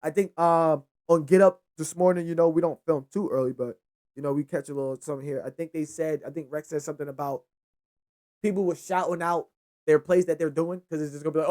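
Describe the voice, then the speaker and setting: A young man hosting a casual solo football recap, rambling and excitable, with frequent profanity. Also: on the high side, quick pace. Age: young adult. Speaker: sports show host.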